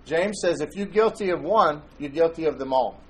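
Male pastor, fairly high voice, relaxed storytelling sermon with light humor. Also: normal speed, a little hiss or hum, low-quality recording. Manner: conversational and joking, tells anecdotes.

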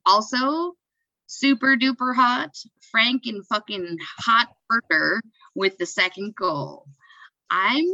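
A woman's voice: medium pitch, pushed and bright, dry recording, lo-fi sound. A woman co-hosting a casual sports podcast, playful and jokey, laughing at her own quips. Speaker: podcast co-host.

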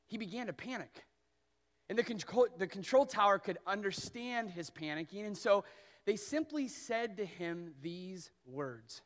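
A man in his thirties preaching a sermon as pastor, telling stories earnestly and slowing down on key phrases. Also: high-pitched, expressive, a bit bright.

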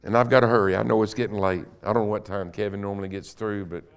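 A middle-aged man, a guest preacher in a church, telling his own conversion story and building to loud, emphatic preaching. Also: lowish voice, fairly even intonation, quick pace. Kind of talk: sermon. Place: church sanctuary.

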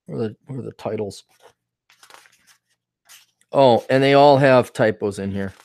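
A man's voice: mid-range voice, a little slow, gravelly, darkish tone, no room sound. A man hosts his own podcast in a loose, rambling monologue. He is irreverent and swears freely. His mid-range voice sounds dry and close to the mic. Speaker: podcast host.

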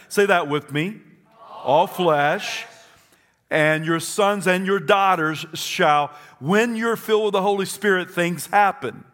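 High voiced pastor preaching, emphatic, keeps repeating lines for the crowd. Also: male voice, fairly bright tone. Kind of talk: sermon. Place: church.

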